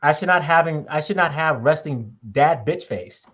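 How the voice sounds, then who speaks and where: A man's voice: a little high, normal speed, fairly bright tone. Podcast host, male, emphatic, leans on "okay?", muffled recording. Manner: emphatic, repeats points with "okay?". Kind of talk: casual podcast conversation.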